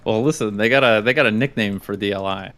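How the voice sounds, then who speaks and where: A man's voice: lowish voice, fast talker, fairly bright tone. A man chatting on a stream call with friends, teasing and needling them. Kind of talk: casual chat on a voice call.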